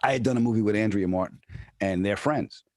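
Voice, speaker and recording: Low-voiced comic telling stories. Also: male voice, quick pace, darkish tone, dry recording, studio quality. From New York. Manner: storytelling, restarts often, acts out quoted voices. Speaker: comedian guest. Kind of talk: casual interview chat.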